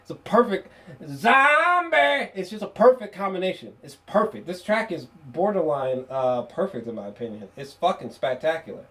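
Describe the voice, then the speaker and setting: Man, slightly high voice, casual album review, excitable, swears a lot, frequent restarts. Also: fairly quick, few pauses. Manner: excitable, profane, laughs often, many restarts.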